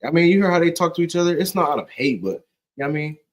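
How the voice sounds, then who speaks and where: A man's voice: a little high, animated, rapid-fire, rough recording. A man teaching scripture in a loose, joking, conversational way, often checking in with "you know what I'm saying". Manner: slangy and joking. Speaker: Bible study teacher.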